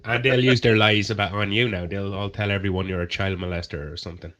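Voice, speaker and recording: A man's voice: on the low side, steady tone, fast, fairly bright tone, dull audio. A man on a livestream panel talking crudely and at length, acting out people he mocks. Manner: crude, rambling, acts out people in mocking voices. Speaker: panel member on a livestream chat show. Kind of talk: casual chat.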